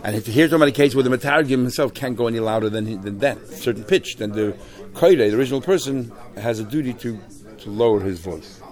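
Fast-talking man teaching Talmud. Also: mid-range voice. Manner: animated explaining, loose restarts, Hebrew and Yiddish terms. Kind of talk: Talmud class lecture.

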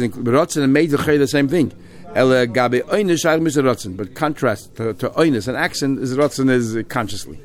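Man teaching a Talmud lesson. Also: medium pitch. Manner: reads a text aloud and explains it line by line, with frequent restarts. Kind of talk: Talmud lesson, mixing Hebrew-Aramaic terms and English.

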